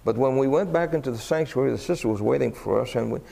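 This preacher speaks quickly at a medium pitch, with vocal fry and a long reverb tail trailing his words. Telling stories in his sermon, he gets animated and raises his voice sharply to act out people's exclamations.

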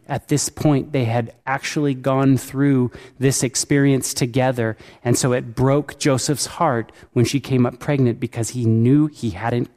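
A man's voice: medium pitch, dark tone. A male preacher delivers a sermon in an earnest tone and keeps putting questions to his listeners. His voice rings out with a long reverb, as if he is recorded in a large hall.

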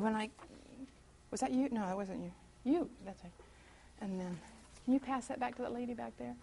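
Woman, high voice, church testimony, chatty storyteller, voices her own prayers aloud. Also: gravelly, dark tone, a little hiss or hum. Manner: chatty storyteller who pauses to greet latecomers. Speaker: speaker at a church meeting. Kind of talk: personal testimony told as a story.

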